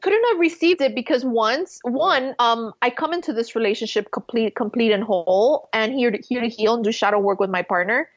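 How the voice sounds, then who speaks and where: Podcast guest, woman, somewhat high voice; heartfelt, rambling spiritual storyteller, muffled lo-fi sound. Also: a little fast, few pauses. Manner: earnest, emotional, spiritual storytelling with many fillers. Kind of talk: casual interview storytelling.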